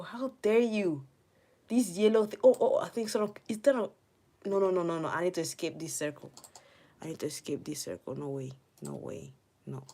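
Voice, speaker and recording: A woman giving live gameplay commentary as a channel host, excitable, squealing at the game and dropping to hushed, muttered asides. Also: low-pitched. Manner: excitable, squealing and talking to the game's players.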